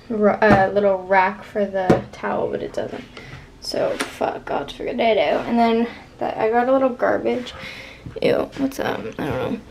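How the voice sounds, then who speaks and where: A young woman in her twenties, talking casually through an apartment vlog. She rambles candidly and uses "like" constantly. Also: mid-range voice. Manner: rambling, heavy use of "like", candid. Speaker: vlogger. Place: apartment, indoors. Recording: echoey room with background noise.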